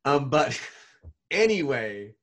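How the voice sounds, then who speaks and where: Husky-voiced man telling an animated story. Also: medium pitch, slow pace. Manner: animated storyteller with many restarts and fillers. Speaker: guest, author and speaker. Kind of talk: storytelling in a video call interview. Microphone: video call.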